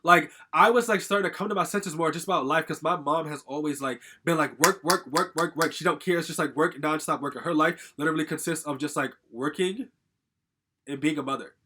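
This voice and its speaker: A man's voice: fairly high pitch, brisk, sharp tone. A young man telling a personal story in a casual, rambling vlog monologue, full of "like" fillers and swearing, agitated and venting. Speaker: storytime vlogger.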